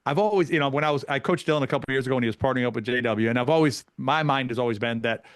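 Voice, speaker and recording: A man, a pickleball coach, telling stories in a casual podcast chat, animated and full of restarts. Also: mid-range voice, dry recording, studio quality. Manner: fast, animated storytelling with many restarts.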